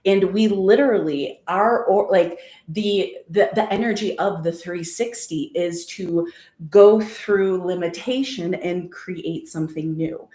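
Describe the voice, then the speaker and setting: A woman's voice: fairly low pitch, measured pace, mellow. Brief: bubbly forty-something woman, chatty guest, laughs often, recorded in a reverberant room. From United States. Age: 40s. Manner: bubbly and laughing, nerdy jargon. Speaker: guest astrologer. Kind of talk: casual livestream chat. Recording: echoey room.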